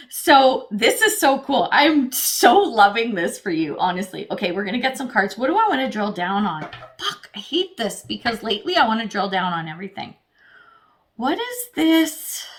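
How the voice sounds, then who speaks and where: A woman's voice: a little high, fairly bright tone. A woman giving a casual tarot reading, who talks straight to the viewer, thinks aloud as she pulls cards and swears freely. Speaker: tarot reader.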